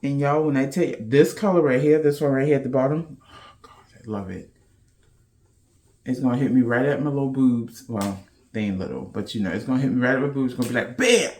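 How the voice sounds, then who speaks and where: A woman's voice: extremely low pitch, a little fast, darkish tone. A woman hosting a podcast in casual chat to camera, playful and loose, with slangy talk. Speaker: podcast host.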